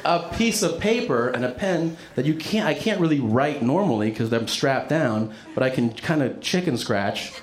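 A man's voice: mid-range voice, expressive, normal speed, hardly any pauses, a little hiss or hum. A man telling a long personal story in casual chat, laughing often and acting out what others said, with frequent fillers.

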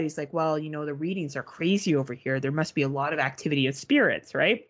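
A woman's voice: mid-range voice, lively intonation, a little fast, fairly bright tone. A woman co-hosting a podcast, telling a story in casual, profane chat and mimicking beeping gadgets. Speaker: podcast co-host.

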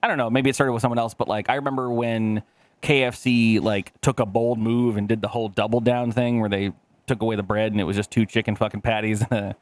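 A man's voice: lowish voice, little pitch movement, quick pace, no room sound. A man in his thirties hosting a podcast, rambling in casual chat with a lot of swearing and acted-out voices. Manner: rambling, profane, acts out quoted voices. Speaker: podcast host.

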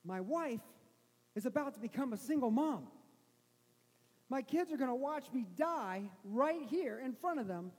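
A middle-aged man, a pastor, telling a self-mocking story in a sermon with animated restarts. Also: very high-pitched, a little slow, husky. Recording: long hall reverb.

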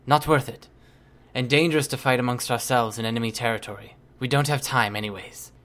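A man reading aloud, voicing a calm, matter-of-fact leader who speaks quietly and plainly. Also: mid-range voice, fairly quick, lightly acted.

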